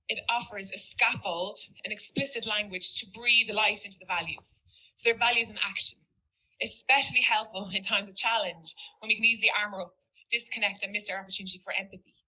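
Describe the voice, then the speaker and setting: A teacher speaking to an audience, telling a story in an earnest, reflective way. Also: female voice, medium pitch, sharp tone, husky, poor audio. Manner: earnest, reflective, quotes a student in dialogue. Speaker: teacher giving a talk.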